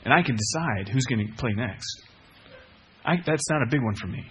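A man preaching a sermon with animated swings from loud outbursts to hushed lines, mixing in casual asides and self-mocking humor. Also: mid-range voice, normal speed, husky. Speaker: pastor.

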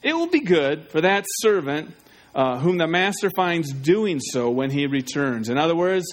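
A man's voice: on the high side, very animated, moderate pace. Urgent, pleading preacher man. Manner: urgent, pleading, asks listeners questions. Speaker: pastor. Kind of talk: evangelistic sermon.

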